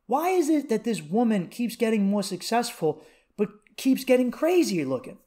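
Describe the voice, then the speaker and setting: A man in his thirties hosting a comedy podcast alone, rambling through profane, animated stories and rants. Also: very high-pitched, normal speed. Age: 30s. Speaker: podcast host. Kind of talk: comedic solo podcast rant.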